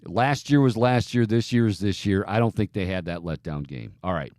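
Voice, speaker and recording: A man's voice: on the low side, normal speed, darkish tone, no room sound, clean studio sound. Joking man hosting a sports betting show. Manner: loose, joking, opinionated. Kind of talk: casual sports talk.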